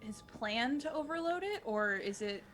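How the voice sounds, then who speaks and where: A woman plays a tabletop game and eagerly questions the game master about the scene. Her voice sits a little high for a woman. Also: animated, moderate pace, a bit bright, slight background noise. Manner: eager, asks many questions. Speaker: player. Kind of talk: playing a tabletop game in character.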